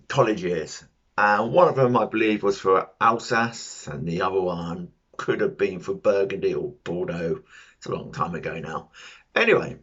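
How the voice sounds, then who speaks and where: A man's voice: low-pitched, fairly bright tone. A man talking to camera in a casual, rambling vlog, self-deprecating and full of jokey asides. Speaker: vlogger. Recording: dull lo-fi sound.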